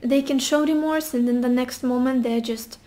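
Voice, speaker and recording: A woman's voice: high voice, steady tone, normal speed, mellow. A young woman giving a casual tarot reading, musing intuitively with sassy asides. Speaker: tarot reader.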